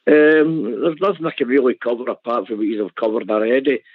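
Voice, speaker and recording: A Scottish man calling in to a radio show and speaking in a plain, measured way. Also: medium pitch, no echo. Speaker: caller. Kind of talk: casual chat on a call-in show. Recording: tinny phone line.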